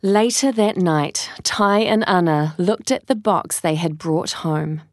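Brief: woman narrator for a kids' story, slow and lively, dry close sound. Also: on the low side, no room sound. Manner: expressive, unhurried storytelling. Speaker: storybook reader. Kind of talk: children's story reading.

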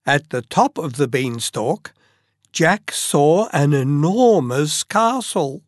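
A storyteller reading a fairy tale aloud at a very slow, deliberate pace. The pitch rises and falls with great expression. The recording is close and dry. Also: animated, dry recording.

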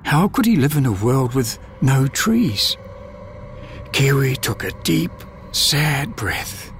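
A man reading a children's story aloud in a gentle, measured way. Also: medium pitch, very animated, faint music behind. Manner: gentle, measured, dropping to a whisper at tender moments. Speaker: narrator.

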